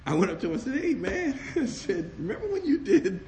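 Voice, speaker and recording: Loud, animated preacher man. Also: extremely high pitch, a little fast, a little hiss or hum. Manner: loud, animated, laughing between stories. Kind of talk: lively storytelling sermon.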